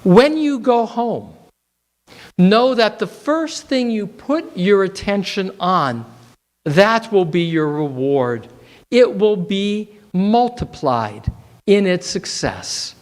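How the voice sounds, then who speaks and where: A man doing a calm, smiling old sage. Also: sits high, slow pace, in a large hall. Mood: reassuring. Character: gentle, smiling old male sage giving a blessing.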